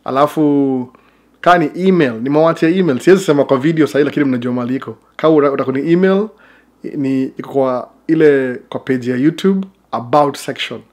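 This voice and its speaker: A man's voice: medium pitch, fairly quick, darkish tone. A man from Kenya with a Kenyan accent, chatting casually to camera as a vlogger, full of rambling asides and chuckles.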